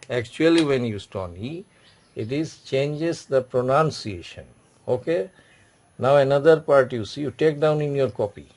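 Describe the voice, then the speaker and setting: A man's voice: mid-range voice, a little mellow. A man teaching French pronunciation in a classroom lesson, repeating words and checking with "okay". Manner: repetitive, instructive, frequent "okay" and "say".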